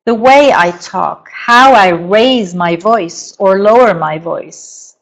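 Middle-aged woman teaching a parenting webinar, slow careful delivery, stresses words for emphasis. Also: medium pitch, poor audio. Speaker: parenting hypnosis coach. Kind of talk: webinar lecture.

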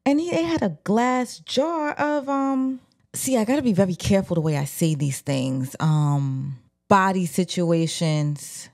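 A woman casually retelling an old scandal from a book, animated and slangy, talking straight to her viewers. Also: medium pitch, unhurried. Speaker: book commentator. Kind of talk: casual storytelling.

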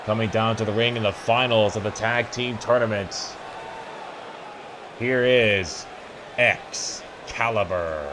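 A man giving excited play-by-play commentary over a wrestling video game, breaking into startled exclamations and stumbling over restarts. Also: fairly low pitch, brisk, few pauses, noisy background.

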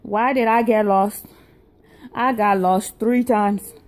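A woman's voice: medium pitch, steady tone, slow pace, a little mellow. A woman from Africa telling a comedic story as an indignant rant, repeating herself for emphasis.

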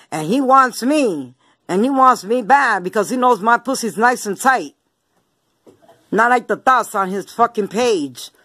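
A woman delivers an angry, profane rant straight to her viewers, repeating herself and taunting. She talks slowly at a middling pitch, heavy on street slang. The sound is dry and close, with little room echo. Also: a bit bright, breathy edge. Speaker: vlogger.

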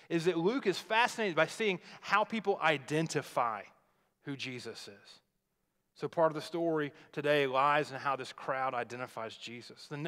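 A pastor preaching a sermon, retelling a scripture story in a conversational, explaining way. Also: male voice, fairly high pitch, fairly bright tone. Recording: long reverb of a large hall.

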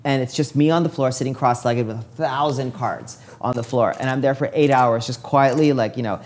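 A hair stylist in his forties, speaking a little fast at medium pitch, narrates his career in an easygoing interview. He's a lively teller, acting out the words of people he met along the way.

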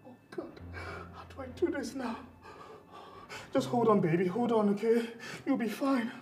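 An actor playing a worried husband, speaking with a Nigerian English accent in a tender, pleading way. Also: male voice, very high-pitched, normal speed, dark tone. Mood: distraught. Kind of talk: film acting. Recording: film score under the voice.

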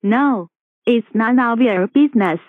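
A woman's voice: a little high, unhurried, no echo, lightly acted. A synthetic female text-to-speech voice playing a defiant, exasperated computer user in a cartoon. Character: annoyed computer user fighting a forced install. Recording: dry tinny phone-like audio.

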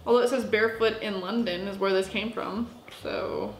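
A woman's voice: medium pitch, steady tone, normal speed, reverberant, a little hiss or hum, low-quality recording. A woman from the United States, chatty and goofy, talking to herself while she cooks in her home kitchen for a vlog. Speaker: vlogger. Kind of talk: casual cooking vlog.

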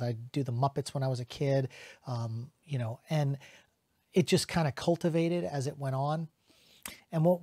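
A middle-aged male voice actor chats casually and animatedly to the camera, slipping into quick character voices. His pitch is medium, and the studio-quality recording has no echo.

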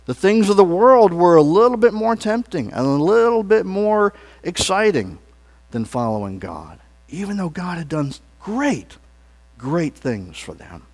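An earnest male pastor preaching from the pulpit. His pitch sits a bit high and swings widely, rising on emphatic words and dropping low and soft at the ends of phrases. He leads the congregation in call-and-response lines. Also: big pitch swings, unhurried. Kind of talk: sermon. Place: church sanctuary.

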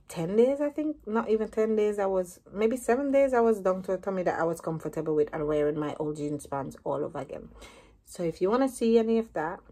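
A woman in her thirties telling a personal story to camera as a vlogger, lively and acting out what each person said. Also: fairly low pitch. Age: 30s.

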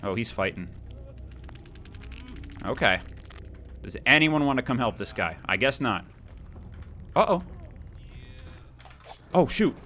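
A young man giving excitable, playful let's-play commentary, taunting the players as he goes. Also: mid-range voice, slow, long pauses, a little hiss or hum. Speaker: gaming YouTuber.

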